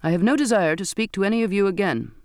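A man's voice: high voice, lively intonation, fast talker, darkish tone, no room sound, studio quality, voice pushed up. A man playing a stern, sardonic sea captain. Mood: commanding. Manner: clear, firm, sardonic commanding delivery. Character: stern, courtly, contemptuous male ship captain.

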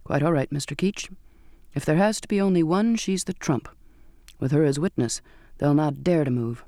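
A man playing a ship's captain who speaks in a measured, self-assured way. The voice is mellow and fairly high, and the recording is dry and close. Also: dry recording, close to an everyday voice.

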